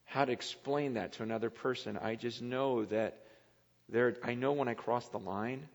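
A man preaching a sermon as a pastor, earnest and confessional, often dropping to a quiet, halting voice. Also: mid-range voice, gravelly. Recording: long hall reverb.

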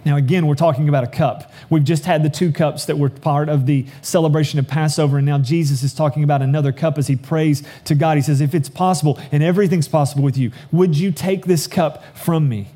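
A man preaching a sermon, reading scripture aloud and explaining it earnestly, slowing down for emphasis. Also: fairly high pitch, fairly even intonation, dark tone. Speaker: pastor.

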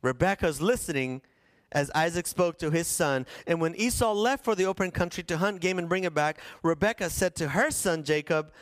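A man's voice: fairly high pitch, moderate pace, dry recording, clean studio sound. A man preaching a sermon, retelling a scripture story with playful asides and questions to the congregation. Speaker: pastor.

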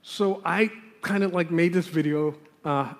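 A man preaching a sermon with a fairly high voice, talking to the congregation like friends while leaning hard on the words that matter. His voice rings out with a long hall reverb behind it. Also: unhurried. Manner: earnest, conversational preaching with emphatic stresses. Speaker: pastor.

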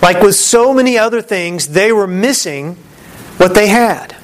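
High-voiced man preaching a sermon. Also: animated, a little slow, a little hiss or hum. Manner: conversational preaching, voices the disciples' lines. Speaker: pastor.

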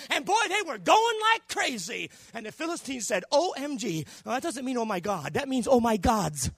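A man preaching a sermon in a church, swinging between loud shouting and quieter low passages. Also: very animated, fairly quick, few pauses, no echo. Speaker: pastor.

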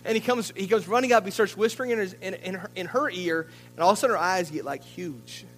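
A man preaching a sermon as a pastor, telling a story in a lively way and often repeating words as he goes. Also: high-pitched, quick pace, a little hiss or hum, low-quality recording. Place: church.

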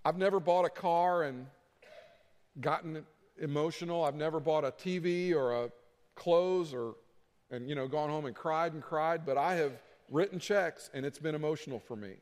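A man's voice: a little high, moderate pace. A middle-aged man preaching a sermon as pastor, earnest and conversational, slipping into quoted voices of others. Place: church sanctuary. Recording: long reverb of a church hall.

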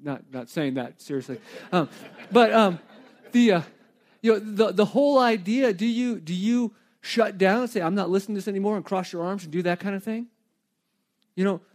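A middle-aged man preaching a sermon in a conversational, animated way, with asides and light humor. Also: on the high side. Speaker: pastor.

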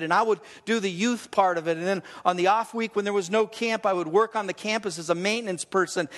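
A middle-aged man preaching a sermon, telling a personal story and swinging between loud and hushed. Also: high-pitched. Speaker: pastor. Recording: reverberant hall.

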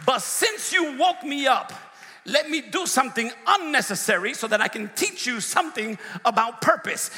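A pastor preaching a sermon, swinging from quiet asides to shouted peaks, recorded in a church. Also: male voice, very high voice, sing-song, normal speed. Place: church sanctuary. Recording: long reverb of a large hall.

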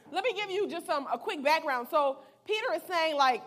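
High-voiced woman preaching casually. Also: expressive, fairly quick, few pauses, a bit bright. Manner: playful, retells scripture in slang. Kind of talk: casual sermon with Bible reading.

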